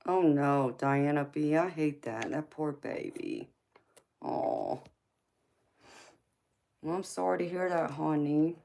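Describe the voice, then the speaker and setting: A woman's voice: low voice, very animated, takes it slowly, creaky, pauses often, dark tone. A woman hosting a tarot live stream, chatting casually with viewers, often teasing and calling them honey, baby and sweetheart.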